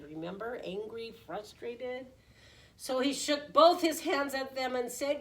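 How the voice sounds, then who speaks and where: A woman preschool teacher reading a picture book aloud in an animated way, often asking the children questions. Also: high voice, measured pace. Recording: voice distant from the mic.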